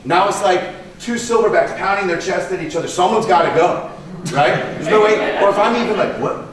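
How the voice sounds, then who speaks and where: A martial arts instructor gives a conversational conference talk with a live demonstration, often asking "right?" and repeating himself. His voice sits high and moves a little fast. A crowd can be heard, and the echoey hall picks him up from a distance.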